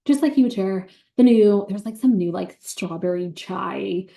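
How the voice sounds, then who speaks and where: A woman giving an excited, bubbly sales pitch on a video call, talking fast with many ums. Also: vocal fry, reverberant.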